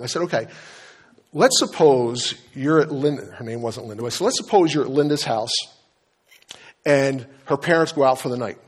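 A man's voice: medium pitch, slightly rough. A middle-aged man preaching as a pastor, telling stories and acting out dialogue, often restarting his sentences. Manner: storytelling preacher, acts out dialogue, frequent restarts. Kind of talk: sermon.

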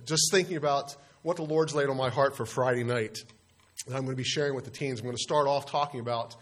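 A man giving an informal devotional talk to a group, speaking conversationally and posing rhetorical questions. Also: mid-range voice. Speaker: youth speaker.

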